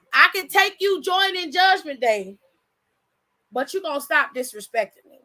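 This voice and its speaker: A woman's voice: high-pitched, sharp tone. A woman in a heated, blunt reaction vlog rant, cursing heavily as she talks about wrestling.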